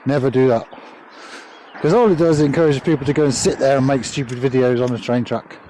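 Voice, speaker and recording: A man's voice: mid-range voice, fairly even intonation, fast, warm tone, slight background noise. A man vlogging casually outdoors on a cycling trip, chatty and jokey, swearing freely, recorded on a handheld camera. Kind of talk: casual travel vlog.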